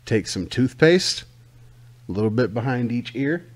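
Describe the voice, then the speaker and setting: An American man hosts a casual comedy podcast, cursing freely and riffing with the energy of a pushy mock salesman. His mid-range voice is lively in intonation and unhurried.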